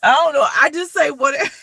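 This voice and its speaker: A woman telling stories in a blunt, animated and profane way. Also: high voice, creaky. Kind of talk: casual storytelling.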